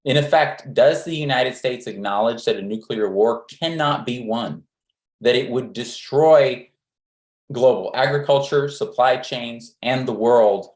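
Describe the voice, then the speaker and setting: A man's voice: mid-range voice, unhurried. A man putting pointed, emphatic questions to a panel at a press conference. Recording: echoey room.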